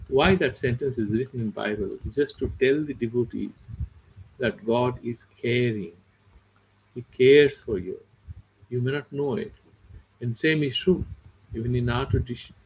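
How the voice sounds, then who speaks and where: A man with an Indian English accent gives a philosophy lesson, explaining old verses through plain everyday examples. His voice is gravelly and sits at a middle pitch. Faint crickets and hiss sit under the recording. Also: poor audio. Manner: explains with everyday examples, mixes in Sanskrit and Hindi. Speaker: Vedanta teacher. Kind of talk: philosophy lecture.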